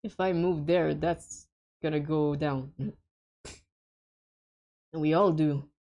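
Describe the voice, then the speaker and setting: A woman's voice: sits low, fairly even intonation, slow, warm tone, highs cut off. A woman streaming a co-op game with friends, chatting casually and hesitantly with lots of fillers and frequent giggles.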